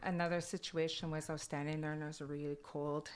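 A woman's voice: sits low, fast, smooth. Laughing woman with Kwakwala-accented English. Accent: Kwakwala-influenced English. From Alert Bay, Canada. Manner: laughing, animated retellings with filler words. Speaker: interviewee, Kwakwala speaker. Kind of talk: casual storytelling interview.

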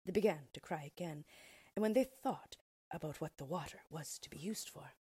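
A woman reading a fairy tale aloud in an expressive storyteller's way. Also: deep voice, moderate pace, breathy edge, no echo, studio quality.

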